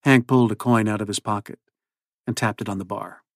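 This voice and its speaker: A man's voice: lowish voice, steady tone, brisk, no echo. Man reading his novel in a dry close sound. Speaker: author.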